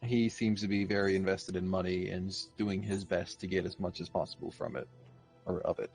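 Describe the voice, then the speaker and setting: A man's voice: sits low, level tone, fairly quick, darkish tone, soft background music. A man narrating a tabletop game as game master in a casual, hesitant way.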